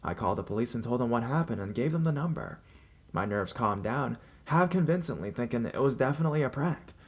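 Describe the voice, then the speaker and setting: A man reading a first-person horror story aloud, telling it in an expressive way with small restarts. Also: medium pitch, quick pace.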